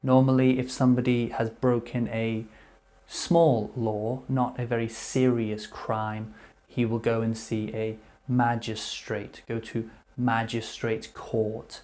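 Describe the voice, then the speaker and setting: A man teaching English vocabulary, repeating each word slowly and clearly before explaining what it means. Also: mid-range voice, flat delivery, warm tone. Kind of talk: slow vocabulary lesson.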